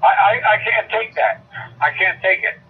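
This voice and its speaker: A man's voice: high voice, expressive, normal speed, breathy edge. A man, an angry caller ranting and stammering through a heated phone call. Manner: ranting, profane, stammering repeats. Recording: tinny phone line.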